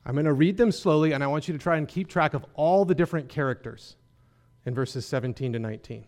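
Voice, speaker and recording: A man's voice: on the high side, fast talker, darkish tone. A man preaching a sermon in a conversational way, often checking in with the congregation with rhetorical questions. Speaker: pastor.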